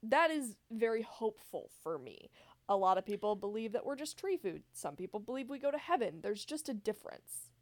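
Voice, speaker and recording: A woman's voice: on the high side, very animated, brisk, darkish tone, dry recording. A woman co-hosting a podcast in casual chat, rambling with lots of fillers and self-corrections. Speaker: podcast co-host.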